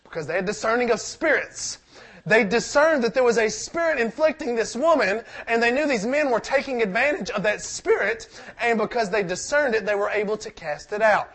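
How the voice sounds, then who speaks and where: A man's voice: very high voice, expressive, a little fast, a bit bright. A man preaching a sermon, reading scripture aloud and asking the congregation questions in a conversational way.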